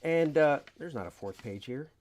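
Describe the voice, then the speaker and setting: A man's voice: a little high, animated, moderate pace, a little mellow, dull audio, slight background noise. A man, a comic artist, chatting casually on a livestream, rambling, reading viewer questions aloud and acting out his panels. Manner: rambling, reads chat aloud, acts out panels.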